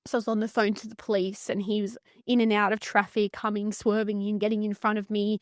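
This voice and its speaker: A mid-range, level-toned woman's voice comes quickly through a dry, studio-quality recording. She is an Australian psychotherapist appearing as a podcast guest, recounting a painful personal story in an earnest, intense, blunt way.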